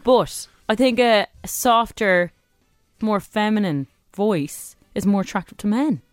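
A woman co-hosting a radio show, speaking in a husky, somewhat hoarse voice, frank and self-deprecating. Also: medium pitch, lively intonation, a little slow, no echo, soft background music. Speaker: radio co-host. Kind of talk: casual radio chat.

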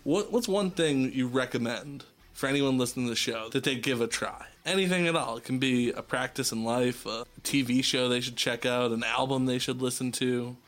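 Boston-accented male podcast host, mid-pitched, loose jokey chat with some swearing. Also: normal speed, a bit bright. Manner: joking, loose and profane. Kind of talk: casual chat.

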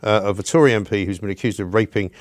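A man's voice: fairly low pitch, dry recording, studio quality. A man from London hosting a radio podcast, blunt and opinionated in casual chat. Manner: blunt, opinionated, fast-talking. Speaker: radio host.

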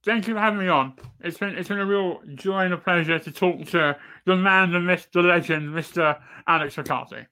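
A man appearing as a guest on a casual wrestling talk show, telling stories in an excitable, exasperated way. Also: high-pitched, fairly quick, hardly any pauses.

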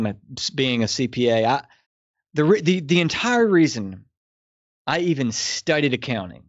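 A man from Louisiana tells stories as a guest in an interview, rambling and restarting his sentences as he goes. His voice sits at an everyday middle pitch. The recording is dry and a little dull, with no room sound. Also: dry recording. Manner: rambling with many restarts, storytelling. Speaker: guest, business consultant. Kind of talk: conversational interview.

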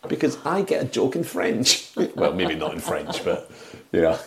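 A man's voice: sits low, very animated, a little slow, background noise. A man with a British accent, co-hosting a casual film podcast, playful and teasing as he retells scenes. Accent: British English. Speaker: podcast co-host. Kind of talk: casual chat.

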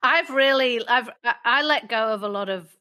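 Middle-aged woman from England, clear bright tone, open and self-reflective guest. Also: fairly high pitch, moderate pace. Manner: earnest and self-reflective, laughing at herself. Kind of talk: candid conversational interview.

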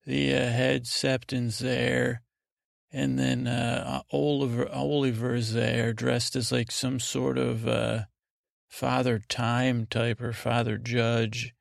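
A man hosting a sleep podcast, recapping a TV episode in a meandering, hesitant way, often breaking into quick impressions of the characters. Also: medium pitch, flat delivery, gravelly, dry recording, clean studio sound. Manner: meandering, hesitant, acts out scenes in quick voices. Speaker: podcast host.

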